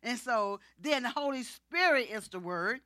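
A woman's voice: on the high side, animated, measured pace, pushed and bright, no room sound, clean studio sound. A middle-aged woman preacher giving a sermon, emphatic and repetitive, often saying "you know". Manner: emphatic, repeats key phrases, frequent "you know".

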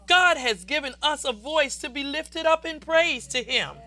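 A woman preacher delivering a fervent, exuberant sermon that swells into loud declarations. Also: high-pitched, measured pace.

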